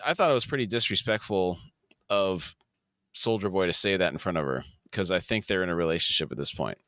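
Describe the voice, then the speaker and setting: A man's voice: low voice, animated, fairly quick, fairly bright tone, no room sound, studio quality. A man co-hosting a podcast, reading out scene descriptions in an episode recap. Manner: reads scene descriptions aloud. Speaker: podcast co-host.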